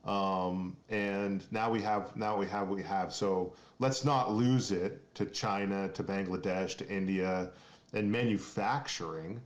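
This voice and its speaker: A man from Maine talks as a guest on a casual podcast, earnest and rambling, often restarting his sentences. His voice sits low. The room adds a noticeable echo. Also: a little slow. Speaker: guest, company founder.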